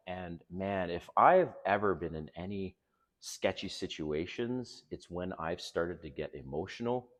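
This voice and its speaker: An older man hosting a vlog, telling personal stories in a frank, casual way and swearing freely. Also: low-pitched. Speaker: host.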